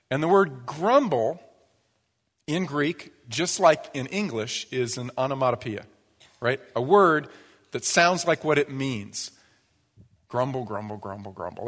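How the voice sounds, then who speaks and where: A male pastor delivers a sermon in a relaxed, joking manner, his voice sitting at an ordinary middle pitch. Now and then he drops into a low mutter to imitate grumbling. The sound carries the long reverb of a church hall. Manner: conversational and humorous, mimics grumbling in a low mutter.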